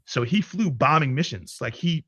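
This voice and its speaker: A man's voice: a little high, moderate pace, husky, no room sound, highs cut off. A man telling a story in a casual livestream chat, cursing freely and restarting his sentences as he goes. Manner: profane, animated retelling with many restarts. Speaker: podcast co-host.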